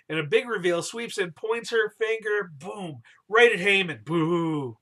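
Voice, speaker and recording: Male storyteller, casual and slangy, cheers and boos names, bright and animated. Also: sits high, unhurried, hardly any pauses. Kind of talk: casual, jokey retelling of a scripture story.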